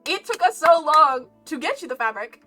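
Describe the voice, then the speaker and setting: A woman streamer telling work stories in casual chat, animated and laughing often, with mock exasperation. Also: sits high, normal speed. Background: lo-fi game music.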